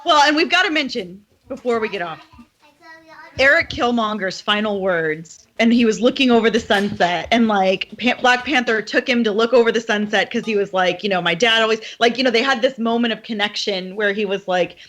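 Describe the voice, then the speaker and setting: A woman with a slightly high voice talks in an excited, casual way. She strings her thoughts together with lots of "like" fillers. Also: fairly quick, a little hiss or hum. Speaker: podcast guest. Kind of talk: casual chat.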